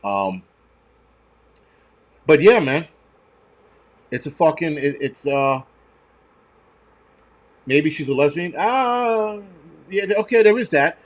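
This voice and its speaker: A man's voice: on the high side, animated, slow, pauses often. A man, ranting and swearing loosely on a casual livestream. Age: 40s. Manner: profane, ranting, mocking. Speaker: livestream host.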